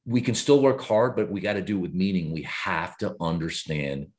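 Deep-voiced earnest man in his fifties. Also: moderate pace. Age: 50s. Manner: earnest, reflective, lively swings in pitch when explaining. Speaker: guest author. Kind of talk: podcast conversation.

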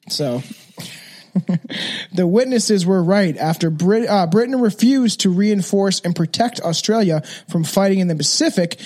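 He speaks in an unhurried, high voice with a darkish tone. Co-hosting a podcast, he talks crudely and casually about a true crime case, often starting his sentences over.

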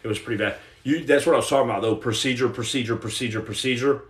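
A man's voice: mid-range voice, rapid-fire, reverberant. A man from Texas hosting a podcast, chatting loosely and reading out viewer comments in a rambling, digressive way. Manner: rambling, digressive, lots of "you know what I'm saying". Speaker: podcast host. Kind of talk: casual livestream chat, reading viewer comments.

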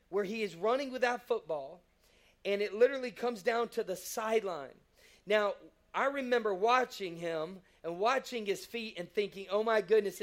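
A male pastor preaches in a high, lively voice. He talks casually and enthusiastically, leading the congregation through the sermon. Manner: enthusiastic, conversational.

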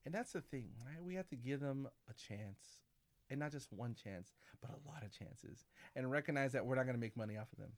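Man in his forties, Catholic priest, casual chat, lively storytelling, acts out voices, says "baby" and "man". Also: mid-range voice, brisk. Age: 40s. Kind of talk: casual conversation.

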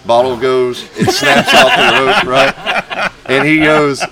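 Animated storytelling man in a busy bar. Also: medium pitch, slow. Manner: animated, laughs often, acts out other people's voices. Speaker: guest singer-songwriter. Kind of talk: casual storytelling anecdote. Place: bar venue with a crowd. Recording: bar crowd noise behind. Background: bar crowd chatter.

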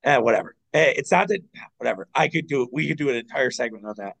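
A man co-hosting a podcast, chatting casually about basketball, excitable and quick to swear. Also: gravelly, rough recording. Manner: excitable, swears, jumps in with rising pitch. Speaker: podcast co-host. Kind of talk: casual sports chat.

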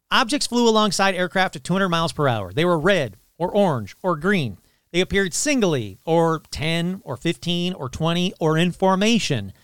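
Lively, clear-voiced male podcast host. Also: high-pitched, dry recording, studio quality. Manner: animated, irreverent asides, frequent fillers. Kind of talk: casual storytelling podcast.

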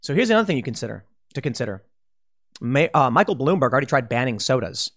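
A man's voice: medium pitch, very animated, quick pace, a bit bright. A man giving an emphatic opinion commentary, warning listeners and sketching scenarios. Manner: emphatic, warning, speculative, with restarts. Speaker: political commentator.

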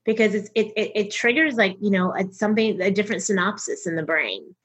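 Husky-voiced woman telling animated stories. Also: mid-range voice, brisk. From North Texas, US. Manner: animated storyteller who acts out other people's lines. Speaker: comedian and voice actor, guest. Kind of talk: candid conversational interview.

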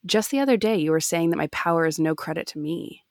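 A woman's voice: deep voice, expressive, quick pace, no room sound, studio quality. A woman reading aloud as an earnest young male Jedi apprentice who speaks hesitantly and apologetically.

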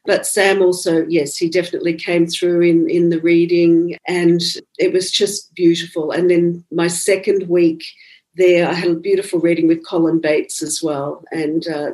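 In a conversational interview, a psychic medium tells stories of her experiences in a lowish female voice at normal speed. She's animated, acting out the dialogue she quotes. The recording quality is low.

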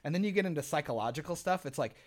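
A man's voice: on the high side, rapid-fire. A young man talks in a slightly raised voice, loose and casual. He swears freely and acts out his own reactions as he tells stories on a podcast. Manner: animated, profane storyteller who acts out his own reactions. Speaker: podcast co-host. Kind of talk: casual chat.

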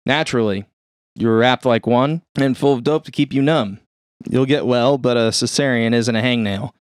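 A man reading aloud, voicing a brisk, matter-of-fact male surgeon explaining things at a bedside. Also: medium pitch, smooth, dry recording, studio quality, close to an everyday voice. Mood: cheerful. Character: brisk middle-aged male hospital surgeon.

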